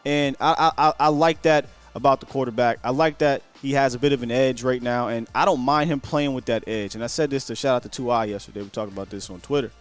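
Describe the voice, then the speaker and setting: Dude hosting a call-in show, casual slang, stammers a bit, faint music behind. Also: male voice, mid-range voice, fairly even intonation, fast, few pauses. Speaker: host. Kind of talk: live call-in sports talk show.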